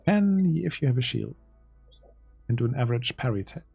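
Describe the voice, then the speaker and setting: A man whose first language is German, narrating as game master and pausing to check rules. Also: medium pitch, very animated, gravelly, dark tone, slightly rough, dry recording, highs cut off, soft background music. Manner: descriptive, stops to check rules.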